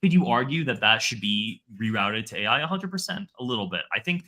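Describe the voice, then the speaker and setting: A man's voice: medium pitch, big pitch swings, brisk, bright, forceful tone. A man speaking as a guest analyst in a casual interview, talking in rambling runs full of restarts and fillers.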